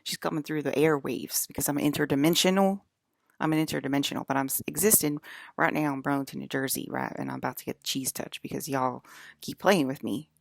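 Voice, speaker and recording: A woman with a low, deeply gravelly voice rambles to her viewers in a casual vlog. She hammers her points home by saying them again and again, talking straight at the audience. The sound is dry and close. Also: fairly even intonation, a little fast, no echo. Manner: emphatic, repeats herself, addresses viewers directly. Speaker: vlogger.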